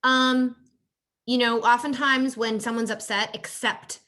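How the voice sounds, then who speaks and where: A woman health coach giving a workshop presentation on caregiver stress. She talks conversationally, often tagging "you know" and "right?", and acts out quoted exchanges in a higher voice. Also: level tone, a little slow, sharp tone.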